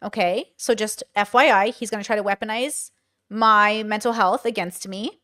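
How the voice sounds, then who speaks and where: A woman's voice: mid-range voice, fairly even intonation, moderate pace, fairly bright tone. A woman streaming live, explaining herself in an earnest, defensive, lecturing way.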